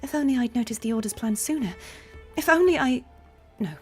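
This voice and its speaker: A woman's voice: sits high, a little fast, faint music behind, close to an everyday voice. A woman voicing a young woman acolyte who sounds anxious and apologetic. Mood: guilty. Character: timid, guilt-ridden young woman acolyte.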